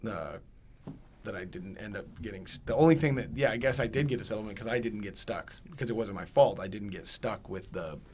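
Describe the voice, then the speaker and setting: A man hosting a podcast who tells a personal story in casual chat and gets loud when he acts out other people. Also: fairly low pitch, a little fast, slight background noise. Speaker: podcast host.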